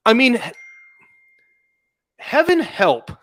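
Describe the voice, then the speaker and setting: A man hosting a casual podcast talk about a legal case, animated and laughing often, with many restarts. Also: very high voice, takes it slowly. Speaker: podcast host.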